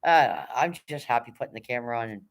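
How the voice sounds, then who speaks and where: A woman hosting a casual livestream, reading chat and cheering viewers on in a hyped, rapid auctioneer-like patter, swearing now and then. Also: rumbling low, lively intonation, gravelly. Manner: chatty, encouraging, swears casually. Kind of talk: casual live-stream chat.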